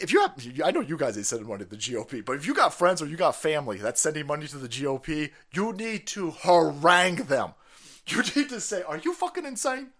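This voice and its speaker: A man hosting his own stream, ranting in a loud, profane, mocking way and laughing often. His voice sits fairly high and jumps all over the place. It is bright, forceful and sharp. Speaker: streamer host. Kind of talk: profane political rant.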